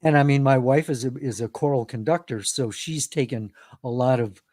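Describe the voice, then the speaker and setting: A man's voice: medium pitch, normal speed, darkish tone, no echo, studio quality. A man hosting an interview over a video call, asking questions in a friendly, conversational way. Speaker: interview host.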